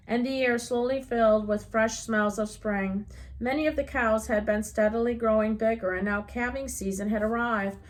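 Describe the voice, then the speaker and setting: A woman reading a children's novel aloud as an audiobook reader, unhurried and gently expressive. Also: on the high side.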